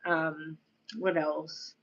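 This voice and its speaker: A woman's voice: low-pitched, little pitch movement, very slow, a bit bright, muffled recording. An American woman streaming casually, chatting in a rambling way with lots of fillers, her accent slightly tinged by years in Australia. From United States. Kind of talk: casual live-stream chat.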